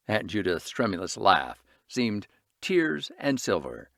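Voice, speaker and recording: Man narrating with a lively voice. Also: medium pitch, moderate pace, no room sound, studio quality. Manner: expressive, varied reading. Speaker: audiobook reader. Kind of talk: storybook narration.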